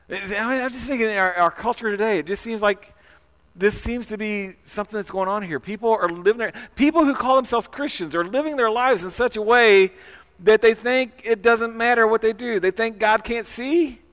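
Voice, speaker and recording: In a big-sounding room, a male pastor with a high, fairly bright voice delivers a sermon at a moderate pace. He keeps it conversational, posing questions to the congregation and repeating words along the way.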